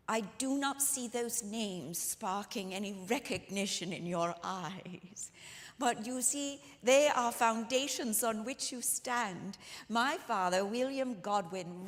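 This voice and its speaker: A woman storyteller playing the ghost of a 19th-century woman author, speaking theatrically to a live audience with lingering emphasis. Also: mid-range voice. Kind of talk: one-woman historical storytelling performance. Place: church sanctuary with live audience. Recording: long reverb of a large church hall.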